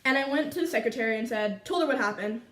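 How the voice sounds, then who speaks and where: A teenage girl from Canada telling a school story to her viewers in a chatty, animated way full of fillers. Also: fairly high pitch, quick pace, echoey room, distant mic. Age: teens. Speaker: vlogger. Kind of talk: casual storytime chat.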